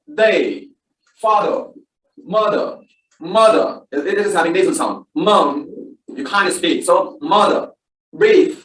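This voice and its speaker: A man's voice: sits high, fairly bright tone. A man presenting a recorded pronunciation tutorial, saying each word and then contrasting it with its wrong form. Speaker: video presenter. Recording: distant roomy video playback.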